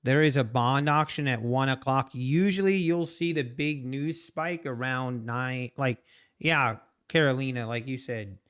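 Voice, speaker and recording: Chatty smooth-voiced man streaming trades. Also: mid-range voice, a little slow, a bit bright. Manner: rambling, chatty, reads chat aloud. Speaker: trading streamer. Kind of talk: casual live-stream commentary.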